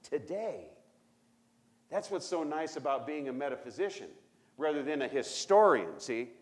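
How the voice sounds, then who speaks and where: A man pastor giving a sermon in a conversational, emphatic way, speeding up and slowing down as he makes his points. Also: a little high, big pitch swings. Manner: conversational, emphatic, varies pace and volume freely. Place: church sanctuary.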